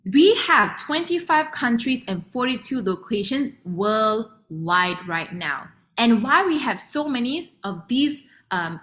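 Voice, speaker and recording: Chatty Malaysian woman presenting. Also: on the high side. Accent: Malaysian English. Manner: chatty and lively, acts out quoted customers, laughs often. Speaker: sales presenter. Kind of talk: online product demo presentation.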